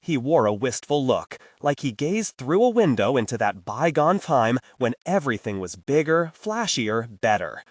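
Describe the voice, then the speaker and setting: Male audiobook narrator, lively pitch, dry close-mic sound. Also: normal speed, few pauses, no room sound. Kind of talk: scripted narration.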